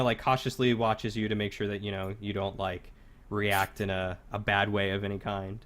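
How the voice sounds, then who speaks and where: Brief: male game master, fairly low voice, loose unhurried scene narration. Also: fairly bright tone. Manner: halting, loose descriptive narration.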